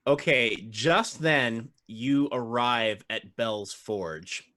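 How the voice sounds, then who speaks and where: A man's voice: medium pitch, very slow, noisy background. A man narrating and running a tabletop game as dungeon master, friendly and describing each scene step by step.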